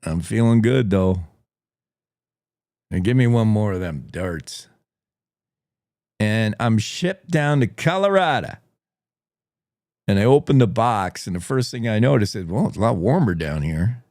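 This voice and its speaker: A man's voice: on the low side, animated, unhurried, pauses often, darkish tone, no room sound, studio quality, voice pushed down. A man voicing a dim, easygoing male Canadian wolf, folksy and drawling.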